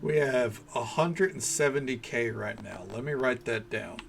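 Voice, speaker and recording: A man's voice: mid-range voice, normal speed, vocal fry, fairly bright tone, faint music behind. A man streaming a farming game, chatting casually in a laid-back way and swearing now and then. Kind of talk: casual gameplay commentary.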